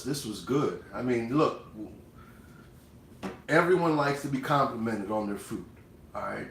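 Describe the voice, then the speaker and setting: A man hosts a cooking livestream in a relaxed, chatty way and speaks straight to the people watching. His voice sits at an everyday middle pitch. The room around him rings with a roomy echo. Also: a little hiss or hum. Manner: conversational, addresses viewers directly. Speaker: cooking show host. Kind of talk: casual livestream talk.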